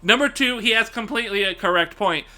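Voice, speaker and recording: A man's voice: high voice, brisk, bright, forceful tone. A man streaming live, ranting casually and profanely to his chat, laughing often.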